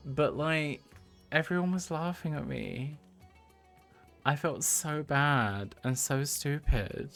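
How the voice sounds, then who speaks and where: A man's voice: medium pitch, expressive, unhurried, gravelly, a bit bright, soft background music. A man in his thirties, a livestream host telling a story to his chat, talking casually and laughing often. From United Kingdom. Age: 30s.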